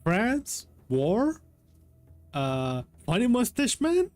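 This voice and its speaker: A flustered, excitable young nerd with glasses, whose voice jumps high and squeaky, as a man puts him on. He sounds bewildered and easily rattled. Faint music plays behind him. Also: extremely slow, full character voice.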